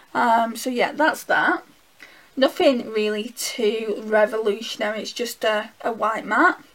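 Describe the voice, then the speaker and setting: A woman with a Northern English accent reviews makeup in a relaxed, unhurried way, speaking slowly with a gravelly fry in her slightly high voice. She talks half to herself as she goes, chatty and easy. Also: rough recording. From England. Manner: chatty, talking to herself while swatching. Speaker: beauty vlogger. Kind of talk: casual makeup swatch review.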